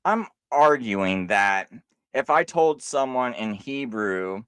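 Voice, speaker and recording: Guy on a live stream arguing his point, lively swoopy voice, dry close sound, keeps restarting. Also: lowish voice, no room sound. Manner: animated, insistent, halting restarts. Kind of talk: casual live-stream argument.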